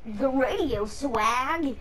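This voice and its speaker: A woman's voice: high-pitched, lively intonation, very slow, a crowd in the background. A woman in casual gaming chat, talking goofy slang in a mock radio-host way. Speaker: player. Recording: music playing behind.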